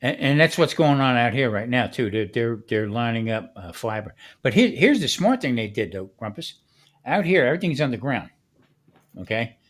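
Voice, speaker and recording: Man spinning animated stories in chat. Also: medium pitch, moderate pace. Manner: animated storyteller who acts out the people he quotes. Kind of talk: casual podcast chat.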